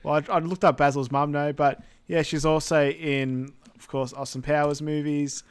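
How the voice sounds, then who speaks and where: A man's voice: on the high side, normal speed, clear, resonant tone. A man co-hosting a podcast, casually sharing trivia about a film's cast. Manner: relaxed, shares trivia. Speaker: podcast co-host. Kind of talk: casual movie recap chat.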